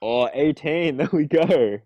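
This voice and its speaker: A man's voice: on the high side, slow pace, warm tone, dull audio. A man playing a tabletop game, joking playfully and often laughing. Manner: playful, giggly joker. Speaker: player. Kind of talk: casual tabletop game chat.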